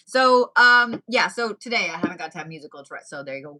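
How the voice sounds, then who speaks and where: Brief: woman, tarot reader, loose and profane, bright tone. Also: lowish voice, animated, quick pace, hardly any pauses. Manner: chatty, profane, laughing asides. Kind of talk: casual tarot reading.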